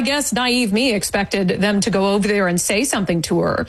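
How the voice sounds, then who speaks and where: A woman guest recounting an event in an interview, indignant and animated, acting out quoted remarks. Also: mid-range voice, brisk, few pauses, husky, rough recording. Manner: indignant, storytelling with quoted asides. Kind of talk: animated eyewitness account.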